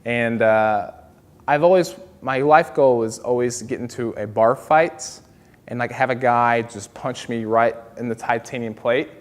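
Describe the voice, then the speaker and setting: A man's voice: mid-range voice, big-room sound. A man doing stand-up comedy, telling stories in a loose, rambling way full of fillers and asides.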